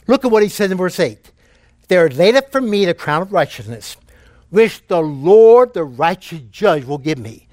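A man's voice: a little high, animated, moderate pace, no room sound. A man preaching a sermon, telling jokes and repeating key phrases for emphasis.

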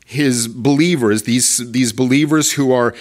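A man's voice: mid-range voice, a little slow, a little mellow. A man preaching an expository sermon, explaining a scripture passage verse by verse with frequent fillers and restarts. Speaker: pastor.

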